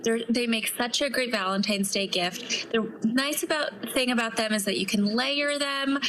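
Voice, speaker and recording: Bright-voiced woman recommending gifts. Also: fairly high pitch, moderate pace, a little hiss or hum, poor audio. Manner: friendly, explains with fillers. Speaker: guest product editor. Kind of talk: TV interview, product recommendations.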